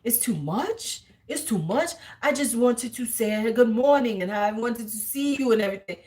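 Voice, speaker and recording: A woman's voice: fairly high pitch, expressive, normal speed, a little mellow, close to an everyday voice. Brief: hesitant, mild-mannered man on a dating show, quoted by a woman. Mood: bewildered.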